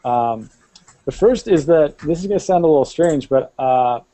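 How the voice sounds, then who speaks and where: Mellow-voiced man, hesitant chat. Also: fairly high pitch, expressive, moderate pace, no room sound. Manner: hesitant, many fillers like um and uh. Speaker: podcast co-host. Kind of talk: casual chat.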